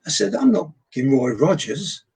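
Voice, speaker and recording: Older English entertainer, husky, raconteur who acts out his anecdotes. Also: fairly high pitch, normal speed, poor audio. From England. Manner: animated storyteller, acts out quoted voices. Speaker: guest entertainer. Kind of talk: anecdotal chat.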